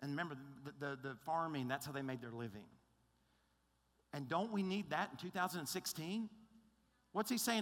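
A man's voice: on the high side, normal speed, pauses often, a bit bright. A male pastor preaching a sermon in an emphatic, conversational way, often checking in with his listeners. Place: large church auditorium. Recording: long reverb of a large hall.

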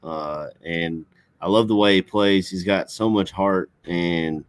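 A man's voice: low-pitched, fairly even intonation, slow pace, dry recording. A man talking football in a casual, folksy and passionate way. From Kentucky. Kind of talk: casual sports chat.

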